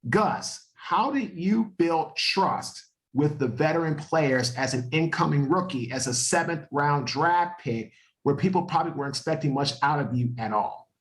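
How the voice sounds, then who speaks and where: A man hosting a podcast, with a voice a little higher than most men's. He sets up his questions quickly and directly. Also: animated, rough recording. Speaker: podcast host. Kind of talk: interview questions.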